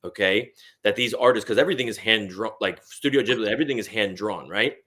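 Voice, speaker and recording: A man with a lowish voice speaks as a guest in a loose conversation over food. He is emphatic and blunt, swears freely, and keeps tossing in "right?" and "you know what I mean?". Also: quick pace, sharp tone. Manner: emphatic, profane, rhetorical asides. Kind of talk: casual chat over food.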